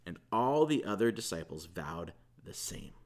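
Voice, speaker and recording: A man's voice: deep voice, sing-song, normal speed. A man preaching a sermon as pastor, retelling a scripture story in a conversational way with casual asides.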